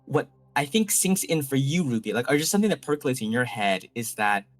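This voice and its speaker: A man's voice: medium pitch, sing-song, brisk, soft background music. A man running a tabletop game as game master, rambling and thinking aloud with many fillers. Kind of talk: improvised tabletop narration and rulings.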